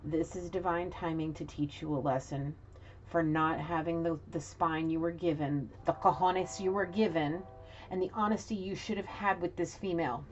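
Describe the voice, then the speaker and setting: A woman's voice: low-pitched, steady tone, normal speed, soft background music. A woman from New City, giving a frank, scolding intuitive reading straight to an absent person. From New York City. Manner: blunt, scolding and frank, with frequent restarts. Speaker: intuitive reader. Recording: dull lo-fi audio with faint noise.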